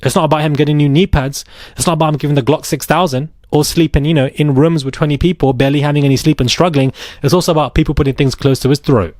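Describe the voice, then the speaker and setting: Fast-talking man in commentary. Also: a little high, dry recording, studio quality. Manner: rapid, animated, sarcastic asides. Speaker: commentary channel host. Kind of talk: casual opinion commentary.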